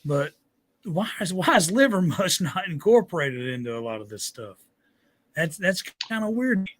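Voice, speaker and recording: A man's voice: high-pitched, very animated, normal speed, a bit bright, no room sound. A man in casual chat, joking and teasing with some swearing. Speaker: podcast co-host, musician.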